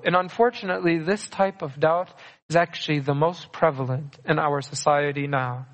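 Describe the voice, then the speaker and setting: A man's voice: on the high side, fairly bright tone. A man preaching a sermon earnestly, repeating key phrases for emphasis. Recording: long reverb of a large hall.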